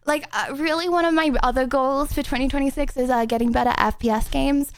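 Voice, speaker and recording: A woman's voice: high voice, fairly even intonation, quick pace. A young English woman streaming from home, rambling and giggling through casual chat with viewers, with lots of fillers.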